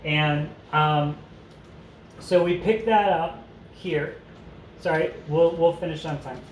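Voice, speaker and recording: A man's voice: a little high, steady tone, slow pace. A man teaching a parent study group in a casual, joking way, reading passages aloud and commenting on them. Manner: conversational, joking asides, reads aloud and comments. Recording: echoey room with faint noise.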